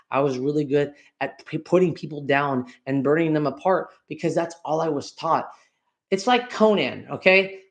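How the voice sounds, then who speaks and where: Sarcastic ranting male podcaster. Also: a little high. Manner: ranting, sarcastic, swears freely. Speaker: podcast host. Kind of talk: solo podcast monologue.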